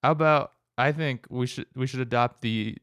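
Excitable male co-host, medium pitch, casual profanity, dry unroomy mic. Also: moderate pace, clean tone, no echo. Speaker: podcast co-host. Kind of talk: casual chat.

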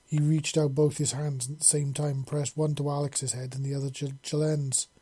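Male audiobook narrator, slightly high, dark and husky, steady earnest delivery. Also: moderate pace. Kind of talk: story narration.

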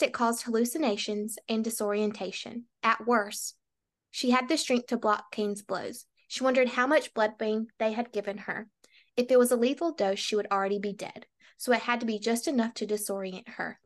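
A woman's voice: on the high side, moderate pace. Young woman reading a novel aloud. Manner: dry quips, steady storybook reading. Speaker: book podcast co-host.

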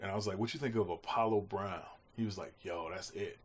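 With a low, breathy-edged voice and a fairly quick pace, this music producer spins casual stories during an interview. He acts out what people said, uses plenty of slang, swears freely, and stays animated throughout.

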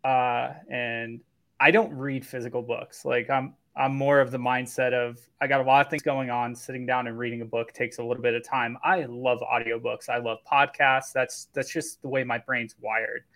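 A man's voice: medium pitch, flat delivery, normal speed, a bit bright. Man rambling with lots of "like". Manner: groping for words with many likes. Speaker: podcast co-host. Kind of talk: casual podcast chat.

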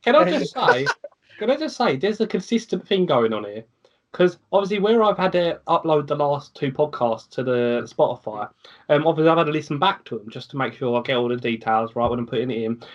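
A man's voice: fairly high pitch, lively intonation, a little fast. Crude, joking man on a lo-fi podcast. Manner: jokey, crude, swears a lot. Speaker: podcast co-host. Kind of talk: casual banter. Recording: dull lo-fi sound.

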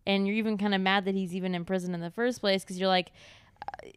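A woman from Tennessee talks over a film in a casual podcast chat, blunt about what she dislikes. Her voice is smooth and clear. The sound is dry and close. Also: medium pitch, steady tone, fast talker, no room sound. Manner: opinionated, candid about likes and dislikes. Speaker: podcast co-host.

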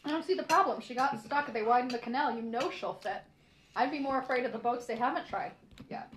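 A woman's voice: on the high side, a little fast, a little hiss or hum. Wry joking woman in an echoey room. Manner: wry, deadpan jokey. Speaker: podcast co-host. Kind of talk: casual chat.

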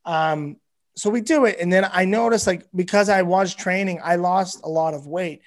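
Male comedian guest, high-pitched voice, animated and foul-mouthed storyteller. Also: moderate pace. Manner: animated, profane, rambling. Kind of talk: casual storytelling.

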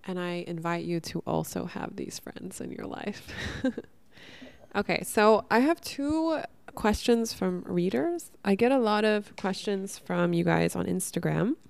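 A woman's voice: medium pitch, lively intonation, a little slow, vocal fry, darkish tone, no echo. A woman hosting a podcast and coaching her listeners in a casual, earnest monologue with the odd swear word.

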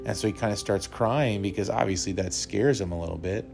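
A man's voice: on the low side, quick pace, gravelly, music in the background. A young man hosting a podcast, telling a personal story earnestly and laughing now and then. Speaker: podcast host.

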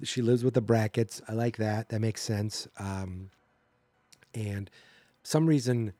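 A man's voice: lowish voice, slow, dark tone, no echo. A man hosting a podcast, recapping a movie in a sarcastic, exasperated, rambling way. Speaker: podcast host. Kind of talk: casual movie recap and rant.

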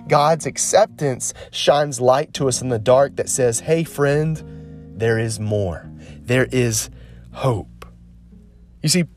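A man preaching a sermon as a pastor, earnest and encouraging, slowing down to stress key phrases. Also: mid-range voice, darkish tone.

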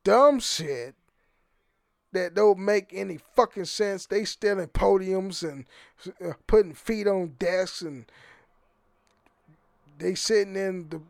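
High-voiced profane American man rambling. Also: takes it slowly, vocal fry, pauses often, no room sound, studio quality. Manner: rambling, profane, repeats words when restarting. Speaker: podcast host. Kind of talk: casual solo podcast monologue.

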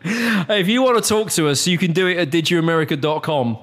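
Animated British man, higher-pitched. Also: brisk. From Britain. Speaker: podcast co-host. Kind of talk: casual podcast chat.

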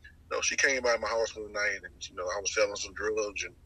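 A middle-aged man from North Carolina, telling his testimony in a lively way and acting out the voices he quotes. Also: lowish voice, fairly quick, husky, no echo, rough recording. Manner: lively storyteller who acts out the voices he quotes, repeats phrases. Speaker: guest sharing his testimony. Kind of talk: personal testimony storytelling.

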